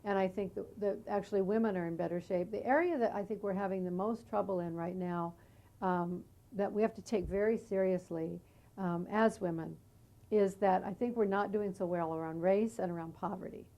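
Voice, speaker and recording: A woman's voice: mid-range voice, normal speed, dark tone. A middle-aged American woman, a guest on a studio talk show, speaking earnestly and reflectively about activism. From United States. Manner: earnest, reflective, with small restarts. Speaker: guest, singer and peace activist. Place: community TV studio.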